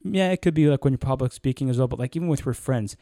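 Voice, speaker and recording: Guy cohosting a podcast, mellow voice, rambly and animated, dry close sound. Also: medium pitch, fast, no room sound. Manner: animated, rambling, with many fillers and restarts. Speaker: podcast co-host. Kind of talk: casual chat.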